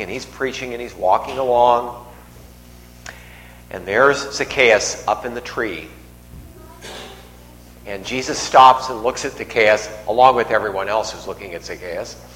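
A man's voice: medium pitch, fairly bright tone. A man preaching a sermon in a church, conversational, joking with the congregation. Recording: echoey hall, faint noise.

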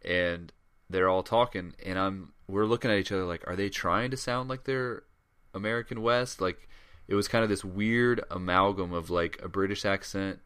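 Deep-voiced man hosting a casual podcast. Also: a bit bright. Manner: rambling, many fillers and restarts. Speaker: podcast co-host. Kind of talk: casual chat.

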